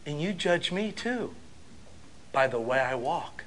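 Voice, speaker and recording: A middle-aged male pastor delivering a sermon, telling casual stories and building up to loud, emphatic preaching. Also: fairly high pitch, expressive, slow pace, a little hiss or hum.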